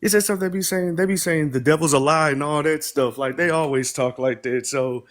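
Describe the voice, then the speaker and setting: A man's voice: fairly high pitch, a little fast. Casual male caller, loose street talk. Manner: loose, profane street talk with many fillers. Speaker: caller on a livestream. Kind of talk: casual chat.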